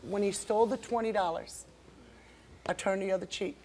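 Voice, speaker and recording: A woman's voice: medium pitch, fairly even intonation, normal speed, darkish tone, slight background noise, low-quality recording. A woman on a talk show stage who keeps accusing her former friend of lying. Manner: accusing, repeats herself. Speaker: guest. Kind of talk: heated talk-show argument. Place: TV studio stage.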